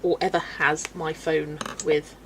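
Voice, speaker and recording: In a low-pitched, level voice, a little slow, a Wiltshire-accented woman from Southwest England chats on a colouring live stream over a noisy background. She's casual and self-deprecating, laughing often as she answers questions from chat.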